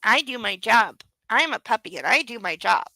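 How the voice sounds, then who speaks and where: A woman's voice: a little high, expressive, normal speed, pushed and bright, no room sound, poor audio. A woman voicing an earnest little puppy. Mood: proud. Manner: earnest, simple, self-satisfied. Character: sweet, dutiful young male puppy.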